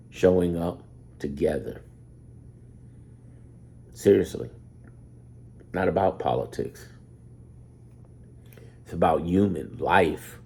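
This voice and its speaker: A man giving a casual, animated ranting monologue as a political commentator, swinging from low mutters to loud outbursts. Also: gravelly, breathy edge.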